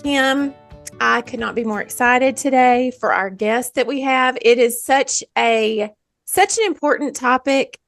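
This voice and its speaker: A woman's voice: sits high, measured pace, gravelly, dry recording, soft background music. A woman, co-hosting a podcast in a chatty, self-deprecating way and laughing often. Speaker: podcast co-host. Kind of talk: casual podcast chat.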